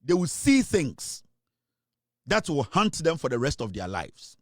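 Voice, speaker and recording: A man's voice: on the high side, wildly swooping pitch, unhurried, no echo, studio quality. A man hosting a live talk show, delivering repetitive, threatening accusations. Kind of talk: heated live commentary.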